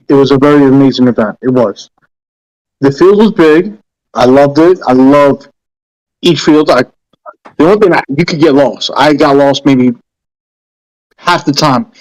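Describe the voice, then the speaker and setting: A man on a podcast panel recounting an event in casual chat, halting and searching for words. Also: medium pitch, low-quality recording.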